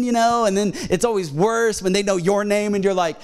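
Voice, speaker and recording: Animated high-voiced male pastor preaching. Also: a little fast, hardly any pauses. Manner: animated, acts out quotes, jokes with congregation. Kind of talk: sermon. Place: church sanctuary.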